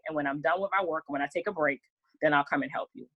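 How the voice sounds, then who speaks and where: A woman guest in a casual interview, telling her story in an animated way and acting out what others said. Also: low voice, fast talker, husky, no echo, rough recording. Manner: animated storytelling with laughs and acted-out quotes. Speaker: interview guest, working mother.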